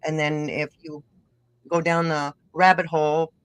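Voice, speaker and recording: A woman's voice: low-pitched, little pitch movement, unhurried, smooth, dry recording. Chatty middle-aged Minnesota woman, dry. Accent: northern Minnesota. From northern Minnesota. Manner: chatty, rambling, laughs often while telling stories. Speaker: guest musician-podcaster. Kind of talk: casual interview chat.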